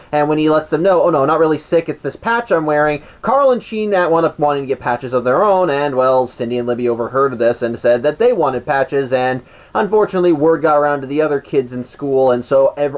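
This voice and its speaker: A man hosting a podcast, casually recapping a cartoon episode with wry asides and frequent restarts and self-corrections. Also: on the high side.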